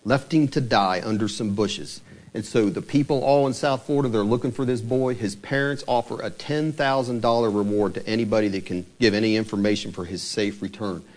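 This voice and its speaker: A man's voice: on the low side, a little fast, darkish tone. A man preaching a sermon, retelling a true story in a conversational, dramatic way. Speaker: pastor.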